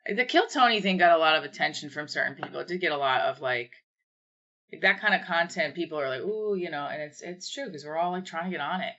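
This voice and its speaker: A woman's voice: deep voice, lively intonation, fast, pushed and bright, lo-fi sound. A woman from New Jersey with a New Jersey accent, chatting casually and rambling with lots of fillers as she hosts a livestream from home on her phone. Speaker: livestream host. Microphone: phone camera.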